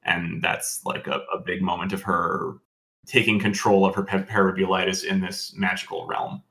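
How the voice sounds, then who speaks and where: A man with a very deep voice walks through scenes of a series in relaxed conversation. He takes his time and explains plainly. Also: normal speed. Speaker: podcast co-host. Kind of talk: casual chat.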